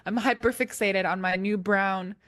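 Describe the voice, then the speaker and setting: A young woman from Wisconsin chats on her podcast, telling stories in a rambling, giggly way. Her pitch sits in the middle range. The recording is dry and close. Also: normal speed, no room sound. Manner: giggly, rambling, animated storytelling. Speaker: podcast co-host. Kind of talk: casual chat.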